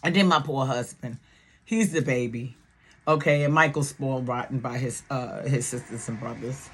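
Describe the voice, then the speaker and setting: Loud, blunt woman vlogging. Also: rumbling low, moderate pace, slightly rough. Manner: loud, blunt and animated, swearing freely. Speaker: YouTube reality-TV commentator. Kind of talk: casual vlog commentary.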